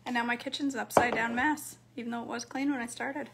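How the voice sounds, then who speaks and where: A woman's voice: fairly high pitch, steady tone, fast talker, creaky, very noisy. A woman chatting to her viewers while cooking and eating, answering their comments. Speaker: cooking vlogger. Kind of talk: casual cooking vlog chat.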